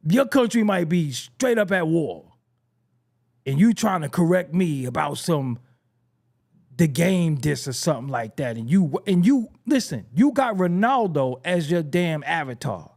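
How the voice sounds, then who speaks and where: Man, young, from the US, hip-hop commentary host, lively swinging pitch, slightly high voice, profane casual rant. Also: a little slow, gravelly. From United States. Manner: profane, rambling, lots of restarts and laughs.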